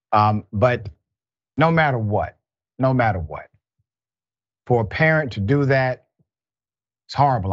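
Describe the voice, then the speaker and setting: A man's voice: mid-range voice, dry recording. A man hosting a news commentary show, reading reports aloud and breaking into exasperated asides. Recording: dull, muffled, lo-fi sound.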